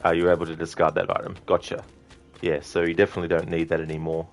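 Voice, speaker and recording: A man's voice: deep voice, completely flat delivery, quick pace, soft background music. A young man streaming a game, chatting casually with viewers in a rambling way, with lots of ums. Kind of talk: casual live-stream gameplay chat.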